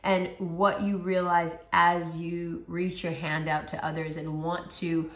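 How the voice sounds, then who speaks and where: A woman with a hoarse, partly lost voice giving a casual tarot reading, talking conversationally and asking her listeners rhetorical questions. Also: lowish voice, level tone, slow, fairly bright tone, a little hiss or hum. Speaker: tarot reader.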